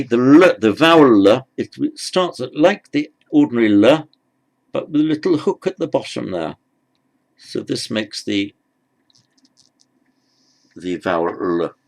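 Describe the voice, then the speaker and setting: A man teaching script letters, talking haltingly as he writes and repeating words as he goes. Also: mid-range voice, lively intonation, creaky, darkish tone. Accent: British. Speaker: language teacher. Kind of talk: handwriting lesson.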